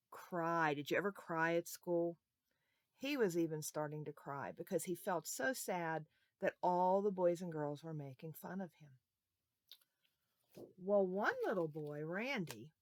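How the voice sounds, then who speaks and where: A woman reading a story aloud to young children, her pitch swooping up and down with lots of expression. She keeps pausing to ask the kids questions, and the recording is dry and close. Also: dry recording. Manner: animated, asks the children questions.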